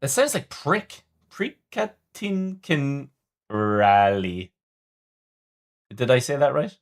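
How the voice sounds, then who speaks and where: A man's voice: medium pitch, big pitch swings, takes it slowly. A man hosting a casual livestream, chatting with viewers in a rambling way, often stumbling and restarting. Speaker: livestream host reading chat.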